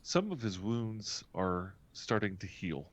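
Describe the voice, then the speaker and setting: Animated low-voiced man running the game. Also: slow pace, highs cut off. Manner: lively, chuckling rules calls. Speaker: game master. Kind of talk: narrating a tabletop game.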